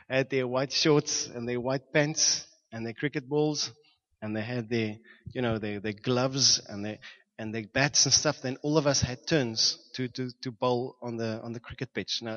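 A man from Johannesburg, preaching a storytelling sermon and acting out shouts and sound effects with frequent laughter. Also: mid-range voice, dull audio. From South Africa, Johannesburg.

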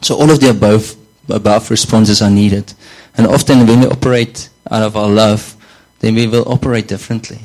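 Low-voiced man preaching conversationally. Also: steady tone, brisk, few pauses, darkish tone, low-quality recording. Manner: conversational, repeats words and says "you know" often. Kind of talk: sermon.

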